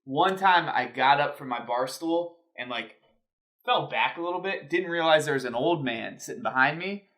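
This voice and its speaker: A man co-hosting a casual sports podcast, telling an animated story and swearing casually. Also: fairly high pitch, moderate pace. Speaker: podcast co-host. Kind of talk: casual chat.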